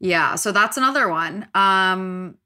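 A young woman hosting a casual podcast chat, her voice bright and forward. She rambles along with plenty of "like"s and animated little asides. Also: mid-range voice, takes it slowly. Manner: chatty, filler-heavy, animated. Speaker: podcast host.

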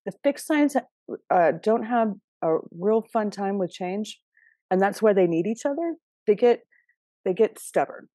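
A woman's voice: mid-range voice, expressive, unhurried, mellow, no echo, studio quality. A woman giving a casual astrology reading, chatty and direct, often checking in with her listeners. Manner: chatty and direct, with frequent laughs and "okay?" check-ins.

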